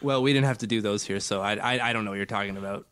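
A man's voice: on the low side, very fast, fairly bright tone, smooth, dry recording. Self-deprecating man joking on a podcast. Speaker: podcast co-host. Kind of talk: casual podcast chat.

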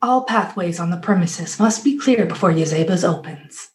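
A woman's voice: lowish voice, lively intonation, normal speed, a little mellow, lightly acted. A woman voicing a stiff, workaholic robot housekeeper with formal, clipped machine-like phrasing. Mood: matter-of-fact.

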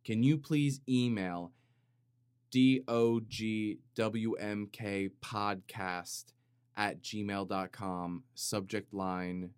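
A man's voice: fairly low pitch, fairly even intonation, very slow, clear, resonant tone, no room sound, studio quality. A man hosting a podcast in a casual comedic monologue, rambling, cutting himself off and building jokes with mock drama. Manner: rambling, self-interrupting, jokey and dramatic. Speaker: podcast host. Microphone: studio microphone with compressor.

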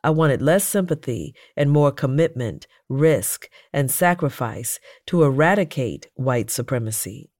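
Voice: mid-range voice, animated, measured pace, hardly any pauses, a little mellow, no room sound. Dry, close memoir narrator. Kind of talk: first-person memoir narration read aloud.

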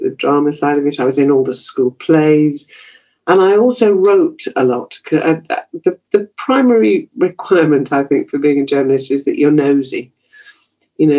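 A man's voice: on the high side, warm tone. A man, a journalist being interviewed, telling stories from his youth in a chatty way, laughing easily and restarting his sentences. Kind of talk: reflective conversational storytelling.

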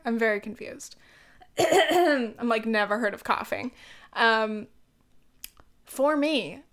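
A woman's voice: mid-range voice, a bit bright, smooth. A young woman in casual chat as a YouTuber, rambling and filler-heavy, with many ums and likes.

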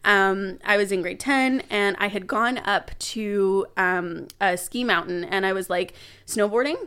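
A young adult woman, a podcast guest, telling a personal story in casual chat, animated, laughing and swearing now and then. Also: mid-range voice, measured pace, smooth.

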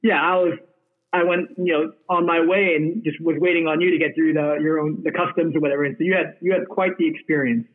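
A man with a fairly high voice joins the podcast over a thin, tinny, phone-like connection. He recalls the trip in a loose, hesitant way and hunts for words as he goes. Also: steady tone, brisk. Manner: hesitant, loose recollection with fillers. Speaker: podcast guest. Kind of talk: casual conversation. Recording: tinny phone-line audio.

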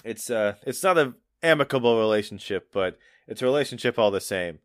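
A man's voice: mid-range voice, animated, fairly quick, no room sound, clean studio sound, close to an everyday voice. A man voicing a worldly, church-minded sailor man who teases knowingly. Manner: knowing, teasing.

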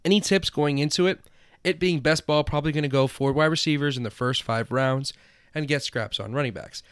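A man's voice: fairly high pitch, brisk, a bit bright, clear, resonant tone, no echo, clean studio sound, voice pushed up, natural voice. A man doing a dopey stoner voice while reading out a listener's email on a podcast. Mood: goofy. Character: dopey stoner male listener, laid-back.

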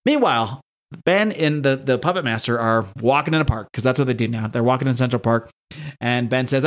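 A male podcast host recaps an episode in a joking, irreverent tone, peppered with swearing. He talks at a fast clip. His pitch sits in the middle range.

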